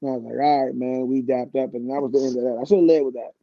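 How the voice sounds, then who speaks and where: A man's voice: medium pitch, steady tone, quick pace, gravelly, no echo, highs cut off. A man in his fifties, a guest singer on a radio show, telling a long, laid-back story with plenty of restarts. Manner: laid-back, rambling anecdotes with frequent restarts. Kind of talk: casual storytelling.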